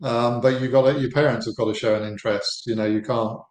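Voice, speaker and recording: A man's voice: mid-range voice, fairly even intonation, fast talker, darkish tone, roomy sound. An English man in his fifties, a company founder, chatting easily and good-humouredly as a podcast guest. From England. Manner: easygoing, friendly, laughs lightly. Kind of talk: casual interview chat. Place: home room in Florida.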